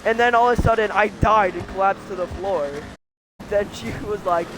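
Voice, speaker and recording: A podcast co-host with a notably high voice for a man rambles through a story, laughing between fillers. Steady hiss runs under the recording. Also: normal speed. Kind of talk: casual storytelling.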